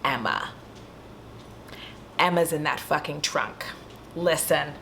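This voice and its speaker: A woman's voice: deep voice, slow pace, noisy background. A woman vlogger at home, retelling a horror movie in a casual, profane way with chatty asides to her viewers. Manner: animated, swears freely, chatty asides to viewers.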